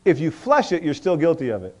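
High-voiced preaching man. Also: wildly swooping pitch, fast, darkish tone, muffled recording. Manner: preaching with call-and-response, rising and dropping in volume. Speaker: pastor. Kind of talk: sermon.

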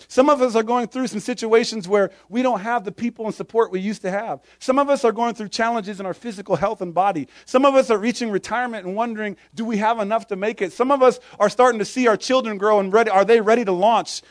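A man's voice: high voice, no echo, studio quality. A man preaching a sermon, quoting old-fashioned scripture and firing short questions at the congregation.

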